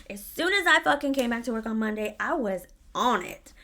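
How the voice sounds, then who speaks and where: Casting: bright, forceful woman, slightly high voice, brassy storytime vlogger who swears freely. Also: expressive, moderate pace, vocal fry, few pauses. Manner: sassy and profane, dramatic retelling. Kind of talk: casual storytelling.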